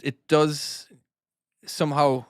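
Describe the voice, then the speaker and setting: A middle-aged man with a softened Irish accent, chatting to his live-stream audience while playing his own trucking game. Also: a little high, flat delivery, slow, no room sound, clean studio sound. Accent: Irish, softened by years in the US. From Ireland. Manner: rambling and chatty, talking to chat while driving.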